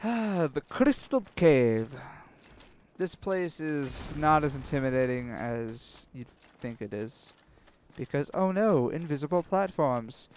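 Young man, game commentary, sarcastic, swears a lot, self-mocking, medium pitch. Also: lively intonation, measured pace, smooth. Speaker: let's play commentator. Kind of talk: casual gameplay commentary.

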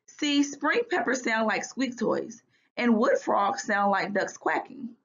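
A woman's voice: fairly high pitch, sing-song, slow pace, vocal fry, fairly bright tone, dull audio, exaggerated voice. A woman doing an eager young boy in a storybook. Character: excitable young boy obsessed with frogs.

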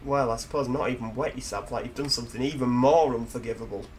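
A man with a Yorkshire accent talks his way through a driving game in a loose, jokey style, mid-pitched and full of self-mocking asides. A faint hiss of background noise runs under his voice. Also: quick pace. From Yorkshire, England. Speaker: gaming video host. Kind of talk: casual gameplay commentary.

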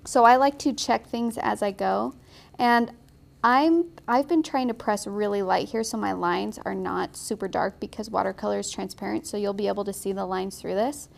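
A young woman giving a casual, chatty watercolor painting tutorial, encouraging and quick to laugh. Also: medium pitch, fairly even intonation, gravelly. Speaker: watercolor instructor.

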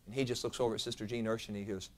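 A man preaching a sermon as pastor, moving from quiet, low lines to loud, emphatic peaks. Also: level tone, racing, background noise. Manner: dynamic preacher, swinging from soft lows to loud emphatic peaks. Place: church sanctuary.

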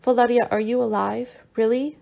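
A woman's voice: a little high, fairly even intonation, normal speed, creaky, darkish tone, voice pushed up. A woman reader voicing a frail, frightened young woman who speaks weakly and faintly from her sickbed. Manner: weak, pleading and faint.

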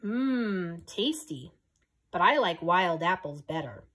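A woman's voice: lowish voice, animated, takes it slowly, fairly bright tone, full character voice. A woman reading aloud, voicing a playful young male fawn in a storybook.

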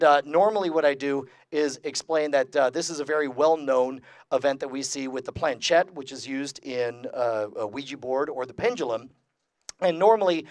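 A man's voice: a little high, dry recording. Joking, profane male lecturer. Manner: casual, jokey, profane, many filler sounds. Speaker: lecturer and magician. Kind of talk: live convention lecture. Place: convention talk before an audience.

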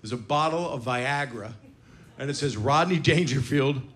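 A man's voice: mid-range voice, moderate pace, a bit bright. A man in his sixties doing a brash, profane stand-up set, teasing the crowd between stories on a stage mic. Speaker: stand-up comedian. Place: comedy club stage before a live audience. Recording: noisy live club recording.

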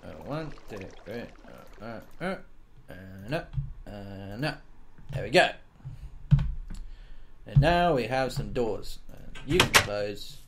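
A man's voice: on the low side, expressive, slow pace, background noise. A man casually narrating his own gameplay, joking and rambling to himself as he builds. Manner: joking, rambling, talks to himself, makes silly sound effects. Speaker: let's play gamer.

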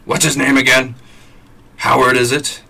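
A man's voice: mid-range voice, level tone, moderate pace, gravelly, bright, forceful tone, pitched above the performer's own voice. A man reading aloud and voicing a nervous, stuffy middle-aged husband who hesitates and blusters.

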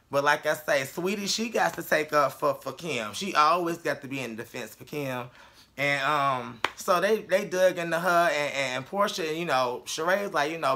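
A man's voice: on the high side, moderate pace, sharp tone. A man recapping a reality show in a blunt, casual, profane way, with many fillers. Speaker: reality TV reviewer.

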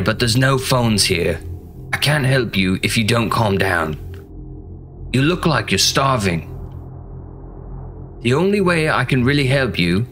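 A sinister restaurant host greets his guest with creepy politeness, as a man puts him on. He speaks in a put-on British accent, in a voice pitched well above the performer's own. This is a character voiced during a game playthrough. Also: fairly bright tone.

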